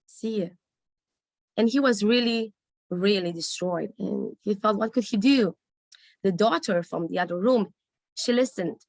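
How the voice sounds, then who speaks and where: A woman's voice: mid-range voice, moderate pace, no room sound. Woman telling a folktale with many fillers. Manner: casual, with many fillers and restarts. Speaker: storyteller. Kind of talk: live oral storytelling. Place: festival stage.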